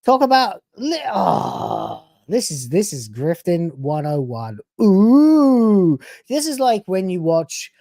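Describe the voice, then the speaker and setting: A woman's voice: on the low side, wildly swooping pitch, unhurried, gravelly, mellow, no echo, studio quality. A woman hosting a reaction channel, giving sarcastic, profane, mocking commentary over clips.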